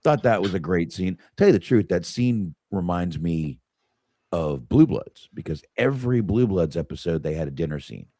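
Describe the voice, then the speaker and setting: Deep, animated man on a movie podcast. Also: moderate pace, dry recording, clean studio sound. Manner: animated, swears often, frequent restarts. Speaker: podcast co-host. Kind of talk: casual movie review chat.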